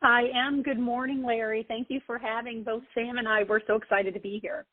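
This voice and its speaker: A woman who leads a nonprofit, a guest on a radio interview, speaking earnestly with small pauses. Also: fairly high pitch, steady tone, no echo. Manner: warm, earnest, uses "um". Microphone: phone call. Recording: tinny dry phone line.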